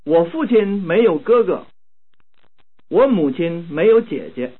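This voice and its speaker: A man reading short model sentences slowly and carefully for language learners. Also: high voice, expressive, husky. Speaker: language tape speaker. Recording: tinny narrow-band tape recording.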